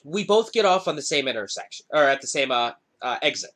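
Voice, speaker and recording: A man's voice: medium pitch, quick pace. A young man hosting a podcast, telling a story casually with a lot of swearing. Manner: profane, animated storytelling. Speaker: podcast host. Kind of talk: casual chat.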